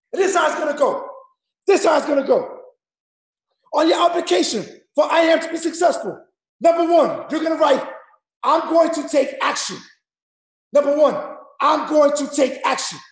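A man who leads a network marketing team, shouting a motivational speech at his audience and repeating numbered points over and over. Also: extremely high pitch. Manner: loud, repetitive, drilling the audience with numbered points; street-slang preaching, rough gravelly shouting. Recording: echoey room.

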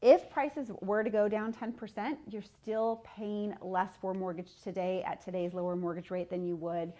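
A woman's voice: mid-range voice, steady tone, normal speed, warm tone. A woman real estate agent talks straight to a camera. She is upbeat and chatty as she walks through a monthly market update. Her delivery is casual and explanatory. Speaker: real estate team leader. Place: filmed by a videographer.

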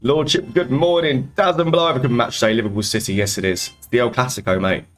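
A man hosting a live slots stream, chatting casually and greeting viewers by name in quick, upbeat bursts. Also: mid-range voice, fairly even intonation, faint music behind. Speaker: slot streamer host.

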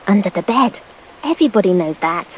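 An actress playing a calm mother in a game cutscene, telling her child where the boogeyman hides in a matter-of-fact, gently teasing way. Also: medium pitch, brisk, very noisy, close to an everyday voice.

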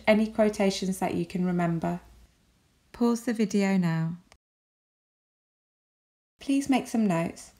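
A woman with an English accent, giving a recorded lesson as a teacher with clear, measured explanations. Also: mid-range voice, dark tone.

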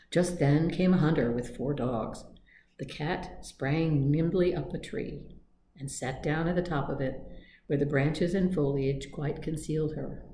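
A woman librarian reading fairy tales aloud in a gentle, steady storybook voice. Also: low-pitched, unhurried, a little hiss or hum. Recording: echoey room with faint ambience.

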